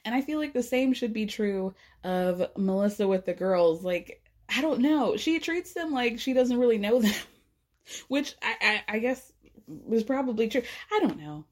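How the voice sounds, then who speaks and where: A woman's voice: fairly high pitch, measured pace, a little mellow. A woman hosting a podcast, chatting casually in a recap, full of likes, laughs and playful mock voices. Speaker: podcast host.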